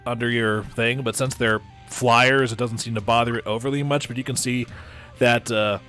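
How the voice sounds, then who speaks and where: A man's voice: medium pitch, steady tone, moderate pace, bright, forceful tone, faint music behind. A man running a tabletop game as game master, describing the action casually with many restarts. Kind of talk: narrating and ruling a tabletop game.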